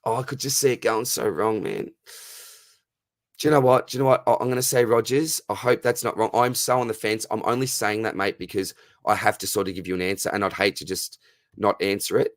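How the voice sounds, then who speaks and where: A man in his thirties with an Australian accent, hosting a casual live Q&A, friendly and matey, his voice going hoarse. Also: on the low side, steady tone, a little fast, no echo. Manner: matey and friendly, calls viewers mate and brother. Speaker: livestream host answering fantasy football questions.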